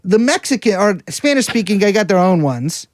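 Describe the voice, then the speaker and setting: A man's voice: high voice, big pitch swings, normal speed, no room sound. A man co-hosting a casual podcast, rambling and sardonic, wandering through digressions. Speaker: podcast co-host.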